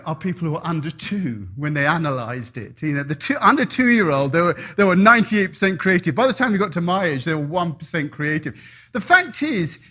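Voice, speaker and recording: A man's voice: a little high, breathy edge. A man preaching a sermon in a chapel, telling stories with a repetitive, rhythmic cadence. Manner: storytelling, repetitive cadence, animated voices in anecdotes. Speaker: pastor.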